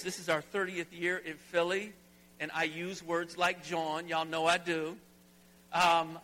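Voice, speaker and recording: A middle-aged pastor from Alabama preaching a sermon in a large church, folksy and conversational, rising to emphatic preaching. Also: male voice, on the high side, pushed and bright. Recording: long hall reverb.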